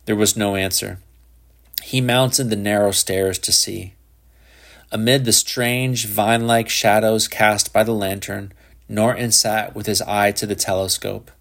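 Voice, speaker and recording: A man narrating a literary short story in a measured, even audiobook reading. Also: on the low side, vocal fry.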